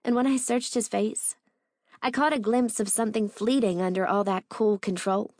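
A woman narrating a first-person romance audiobook in a measured, intimate way. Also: on the high side, steady tone, darkish tone, no room sound, clean studio sound.

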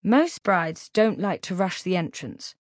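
A woman voicing a nervous, fussy male reverend who talks in a hurried, eager-to-please way. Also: on the low side, expressive, no echo, clean studio sound. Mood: instructive. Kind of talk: audiobook character voice.

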